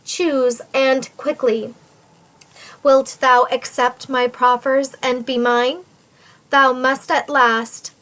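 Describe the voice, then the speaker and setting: A woman's voice: high-pitched, flat delivery, slow pace, fairly bright tone, rough recording. A woman reading the part of a scheming, vengeful nobleman who threatens a captive woman in sneering, old-fashioned formal speech. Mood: threatening.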